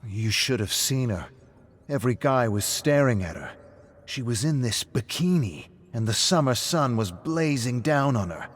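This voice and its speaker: A man's voice: medium pitch, animated, moderate pace, slight background noise, pitched above the performer's own voice, natural voice. A man voicing a hotheaded, defensive man who brags and snaps back curtly. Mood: boasting. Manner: curt and defensive, snapping back.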